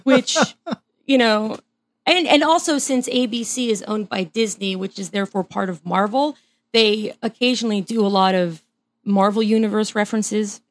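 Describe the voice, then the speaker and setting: A woman's voice: medium pitch, moderate pace. A woman chatting as a podcast guest, talking eagerly and laughing often as she restarts her sentences. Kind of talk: casual interview chat.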